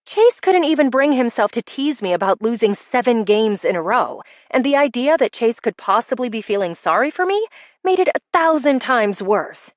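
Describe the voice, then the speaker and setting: A woman narrating a first-person romance audiobook with wry, expressive delivery. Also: on the high side, moderate pace, no echo.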